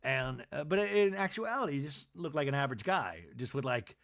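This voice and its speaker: A man's voice: medium pitch, animated, a little fast, gravelly, a bit bright. A man hosting a comic recap podcast, chatty and rambling, often interrupting himself. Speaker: podcast host.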